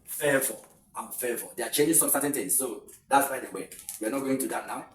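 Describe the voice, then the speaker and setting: A man's voice: medium pitch, a little hiss or hum. Nigerian man teaching pronunciation, echoey room. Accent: Nigerian English. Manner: explains slowly, repeats words and drawls them out. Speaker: English teacher. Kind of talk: online pronunciation lesson. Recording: echoey room, voice a bit far from the mic.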